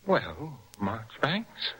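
An actor playing an earnest, stubborn parson in a radio play, speaking in a forceful, indignant way. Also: male voice, mid-range voice, very animated, very slow, a little hiss or hum, heavily acted, low-quality recording. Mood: guarded. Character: earnest, stubborn middle-aged male parson. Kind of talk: radio stage-play acting.

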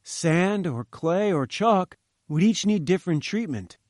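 A man's voice: high voice, expressive, unhurried, darkish tone, no room sound, studio quality, voice pushed up. A man voicing a polite, earnest male engineer in an audiobook reading.

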